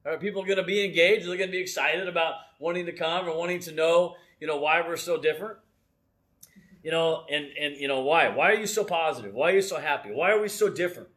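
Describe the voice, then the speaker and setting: A man's voice: a little high, fast, fairly bright tone. A middle-aged man giving a casual, self-deprecating church message from the front, keeps checking in with "right?". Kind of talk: casual sermon with personal stories.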